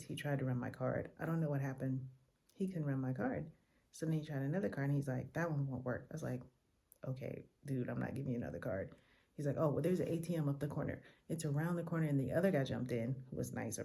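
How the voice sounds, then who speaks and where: A woman telling a chatty, animated travel story in a hotel room at night, tired and a little loopy. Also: very deep voice, brisk, vocal fry. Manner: chatty, animated retelling with quoted exchanges. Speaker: travel vlogger. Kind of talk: casual travel vlog storytelling.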